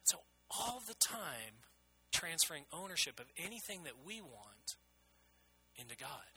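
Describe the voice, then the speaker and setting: Bright, husky-voiced preaching man. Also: high voice, low-quality recording. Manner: earnest, emphatic preaching with repeated phrases. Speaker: pastor. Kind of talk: sermon.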